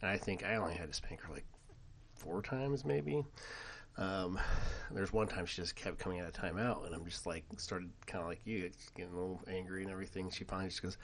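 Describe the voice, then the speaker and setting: A middle-aged man co-hosting a podcast, telling family stories in casual chat and getting animated when he quotes his kids. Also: sits low, brisk, slight background noise. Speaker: podcast co-host.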